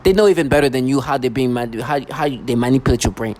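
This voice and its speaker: On a city street, a male vlogger pours out a fast, emotional rant about personal matters, repeating himself and mocking others in put-on voices. His mid-range voice has a slightly mellow quality, and the rough recording catches faint traffic and street sounds.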